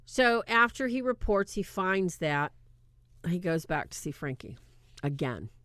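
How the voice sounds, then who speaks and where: A woman's voice: fairly low pitch, very animated, unhurried, a bit bright, dry recording, studio quality. A woman casually recapping a film scene by scene, acting out bits of dialogue as she talks. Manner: retells scenes with acted-out quotes, chatty. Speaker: movie reviewer.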